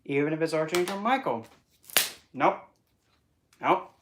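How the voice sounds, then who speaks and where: A spiritual vlogger with a lively, mid-range voice talks a little slowly to camera against a noisy background. The chat is casual and wandering, with playful wordplay, asides and frequent put-on voices.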